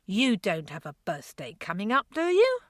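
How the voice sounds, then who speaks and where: A kindly housekeeper who teases a child gently and warmly, voiced by a woman reading an audiobook. Her pitch swings lively, and the recording is dry and close. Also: unhurried, no room sound. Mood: teasing. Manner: gently teasing. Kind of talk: audiobook character voice.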